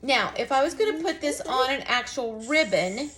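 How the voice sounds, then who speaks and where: A woman's voice: high voice, lively intonation, moderate pace, fairly bright tone. A woman giving a casual, folksy craft lesson, chatting to viewers as she demonstrates. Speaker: craft instructor.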